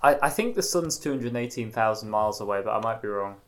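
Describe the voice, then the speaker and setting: A man's voice: lowish voice, lively intonation, quick pace. Man thinking aloud, hesitant. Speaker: podcast co-host. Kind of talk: casual chat.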